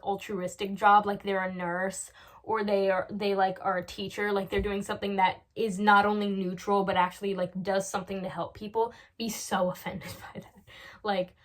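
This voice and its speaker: Young woman rambling through comedic advice. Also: medium pitch. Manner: rambling, acts out both sides of dialogues with laughter. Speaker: vlogger.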